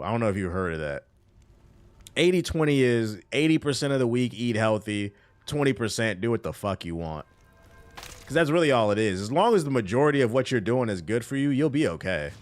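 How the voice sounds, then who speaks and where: A man with a Washington, D.C. accent casually chatting on a gaming stream, using loose, profane slang and answering chat while he plays. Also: mid-range voice. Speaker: livestreamer.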